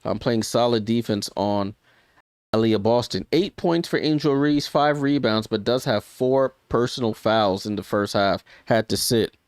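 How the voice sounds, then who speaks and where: A man's voice: mid-range voice, a little slow, clean tone, no room sound, studio quality. A man streaming live basketball commentary in a casual play-by-play manner, chatty and often correcting himself mid-sentence. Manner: chatty, corrects himself often and laughs at his own slips.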